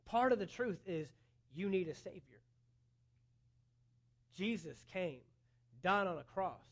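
A man's voice: high-pitched, animated, slow. A man preaching a sermon as a pastor, earnest, with rising emphasis, quoting imagined dialogue.

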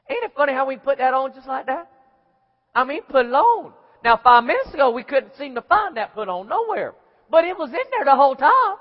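High-voiced preacher in a reverberant hall. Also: male voice, sing-song, moderate pace, highs cut off. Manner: dramatic, acts out voices, shouts at peaks. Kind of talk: sermon.

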